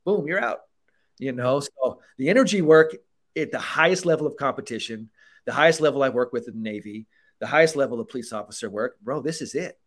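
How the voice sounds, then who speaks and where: Man, podcast host, mental coach, animated, profane, acts out quotes. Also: mid-range voice, fast. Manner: animated, swears freely, acts out quoted lines. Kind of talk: casual podcast talk.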